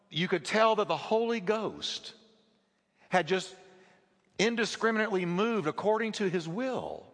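A male pastor preaching a sermon, telling a story with animated delivery and acting out the voices of the people in it. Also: high voice. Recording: long hall reverb.

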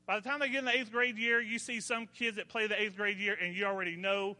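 A man preaching a sermon with a bright, sharp, high voice. He tells folksy stories and swings up into emphatic points, and his voice rings with long reverb through a church hall. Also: little pitch movement, fast. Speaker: pastor.

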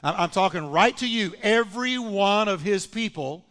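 High-voiced preaching pastor, man. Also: animated, fairly bright tone, long reverb tail. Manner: preaching with emphatic, drawn-out phrases and call-and-response. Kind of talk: sermon. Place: church sanctuary.

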